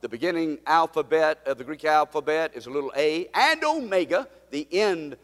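A man preaching a sermon and leading a prayer, calling for amens and swinging between loud and soft. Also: fairly high pitch, expressive, normal speed, long reverb tail. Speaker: pastor. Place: church sanctuary.

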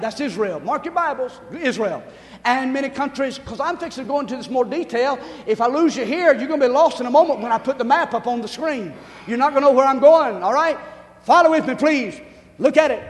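A male pastor preaching a sermon, talking fast, calling for amens and rising to shouts. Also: very high-pitched, big-room sound. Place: church sanctuary.

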